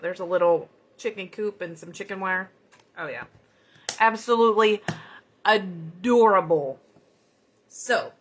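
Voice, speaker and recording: A woman from the United States with a Southern accent and a mid-range, fairly bright voice chats folksily while demonstrating card-making live. She talks as she works in this casual crafting chat.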